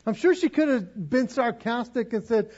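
Husky high-voiced man preaching. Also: normal speed, darkish tone, highs cut off. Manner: conversational, with acted-out asides and repetitions. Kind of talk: sermon.

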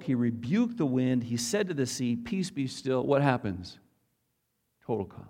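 Animated, conversational male preacher. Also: a little high. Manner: animated, conversational, asks the audience questions. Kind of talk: sermon with bible teaching.

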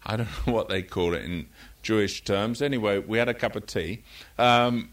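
A man's voice: on the low side, moderate pace. An older man delivers a sermon in a loose, conversational way. He wanders into personal stories and stops to correct his own slips, keeping the tone of a chat more than a speech. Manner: conversational, rambling with anecdotes and self-corrections. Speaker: preacher.

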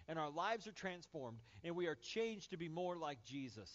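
A man's voice: medium pitch, lo-fi sound. A man preaching a sermon as pastor, emphatic and building through repeated phrases.

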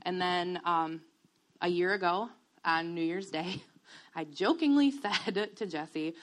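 A woman in her thirties giving a candid, reflective personal testimony, with many pauses and soft laughs. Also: fairly low pitch. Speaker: guest sharing a testimony.

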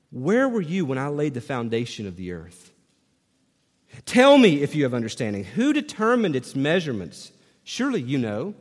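A male pastor delivers a sermon with a somewhat high voice, animated and full of rhetorical questions. He moves into reading a long scripture passage aloud. The sound carries a long reverb, as in a large hall.

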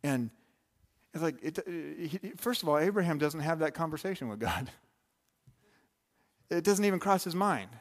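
Guy pastor giving a sermon, chatty and animated, lots of asides. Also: a little high, normal speed, pauses often. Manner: animated, conversational, with asides and restarts.

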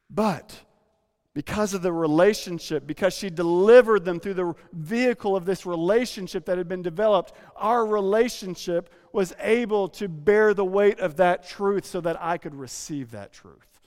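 A pastor in his thirties preaches from the front of a church sanctuary, telling his own story in a frank, confessional way and often restarting mid-phrase. His voice is smooth and resonant, pitched a little high for a man. The sound carries a long reverb from the hall. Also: normal speed, darkish tone. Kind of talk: sermon.

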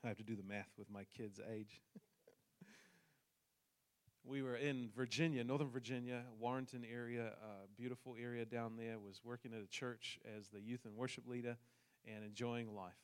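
A man's voice: mid-range voice, fairly even intonation, moderate pace, smooth. A man from New Zealand with a New Zealand accent, telling a personal story in a sermon with jokes for the congregation. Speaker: pastor.

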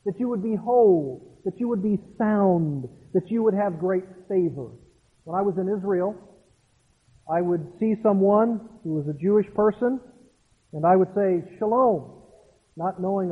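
A man with a high, husky voice preaches a sermon, explaining the text with earnest rhetorical questions. The sound is thin and phone-like, with a long reverb trailing off the hall. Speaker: pastor.

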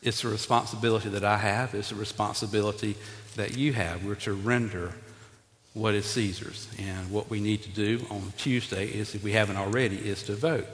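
Pastor preaching in a big hall. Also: male voice, lowish voice. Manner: animated, talks to congregation, acts out Bible figures. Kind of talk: sermon. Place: church sanctuary. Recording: long reverb in a large hall.

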